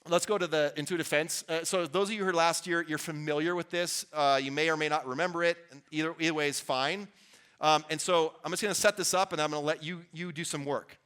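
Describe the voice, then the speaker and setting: Bright, earnest male workshop speaker. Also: on the high side, steady tone, fast, clear, resonant tone. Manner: earnest, conversational, restarts and asides to the audience. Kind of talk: motivational talk to a live audience. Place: event venue before an audience.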